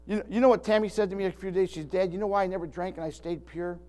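A man's voice: high-pitched, steady tone, rapid-fire, a little mellow. An older man preaching a sermon in a folksy, rambling way, often restarting his sentences. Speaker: pastor.

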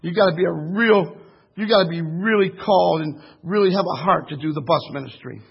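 A man preaching a sermon with great passion, shouting at the peaks of his story and dropping to a hushed tone in between. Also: fairly high pitch, brisk, creaky, breathy edge, muffled recording.

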